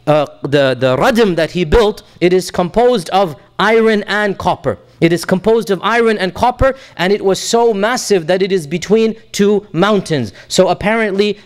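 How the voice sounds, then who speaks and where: Male Quran teacher, high voice, recites verses then explains them patiently. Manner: patient, repeats points for emphasis. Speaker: Islamic teacher.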